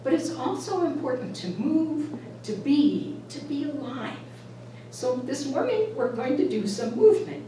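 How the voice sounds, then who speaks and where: A woman's voice: sits high, big pitch swings, unhurried, warm tone. Coaxing woman guiding a congregation. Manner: encouraging, coaxing, light laughs. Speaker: service leader guiding movement. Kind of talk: gentle instruction to a congregation. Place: church sanctuary. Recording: echoey church from far off, noisy.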